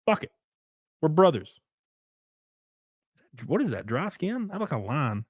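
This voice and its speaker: Man streaming, crude and joking, rambling, lively pitch swings, dry close mic. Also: unhurried, breathy edge, no echo. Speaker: livestream host. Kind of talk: casual livestream chat.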